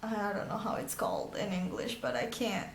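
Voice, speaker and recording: A woman's voice: medium pitch, fairly even intonation, normal speed, creaky, roomy sound, slight background noise. A young Venezuelan woman with a Venezuelan accent, chatting casually in a vlog about a show she just finished. She talks emphatically and swears, though a sore bitten lip makes her speech a little awkward. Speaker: vlogger.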